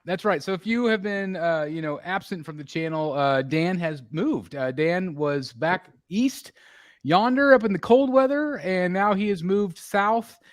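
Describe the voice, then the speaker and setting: A man hosts a live stream in a loose, rambling way, full of fillers and asides. His voice sits a little high. The sound is dry with almost no room echo. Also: unhurried, few pauses. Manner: rambling, chatty, many fillers. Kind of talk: casual chat.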